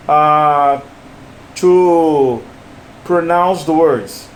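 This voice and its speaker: A man's voice: a little high, drawn-out words, pauses often. A man teaching English one-on-one, patiently repeating phrases and coaching his student on stress and intonation. The recording sounds roomy, with a faint hiss.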